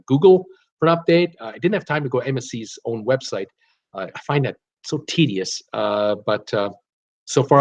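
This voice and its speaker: A man's voice: mid-range voice, lo-fi sound. A man from Canada with a slight Canadian accent hosts a casual live stream, reading out chat messages and answering with lots of laughs and fillers. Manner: chatty, laughs often, many fillers and restarts. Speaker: cruise channel host reading live chat. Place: home room with computer.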